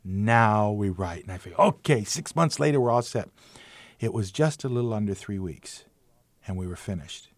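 A man's voice: fairly low pitch, animated, normal speed, dry recording. An older man, a retired umpire, telling baseball stories in an interview, acting out the people he quotes with big jumps in his voice and a self-mocking humor. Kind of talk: anecdotal storytelling in an interview.

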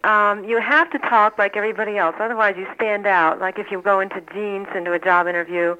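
Bright-voiced woman caller on the phone. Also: mid-range voice, fairly even intonation, a little fast, clear, resonant tone. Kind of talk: call-in radio conversation. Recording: dull phone-line sound.

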